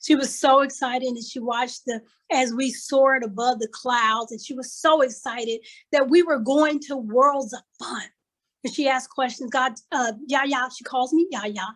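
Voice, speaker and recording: A woman's voice: sits high, steady tone, a little slow, rough recording. An older woman from Kansas City giving a motivational talk as a conference speaker, telling a story with emphatic, repeated phrases like a preacher, heard over a video call. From Kansas City, USA.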